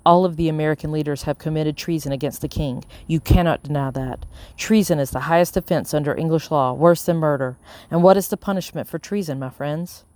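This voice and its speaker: A reader voicing a scheming colonial-era male mayor who speaks calmly and persuasively in an audiobook. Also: mid-range voice, fairly quick, no room sound, lightly acted. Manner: calm, coldly persuasive. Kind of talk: audiobook character reading.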